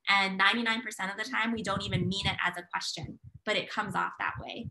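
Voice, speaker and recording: A woman presenting a parenting webinar over a video call, slowing down to model example phrases for parents. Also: medium pitch, fairly even intonation, vocal fry, a little hiss or hum, low-quality recording. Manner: warm coaching tone, models example phrases slowly. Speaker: child psychologist presenter.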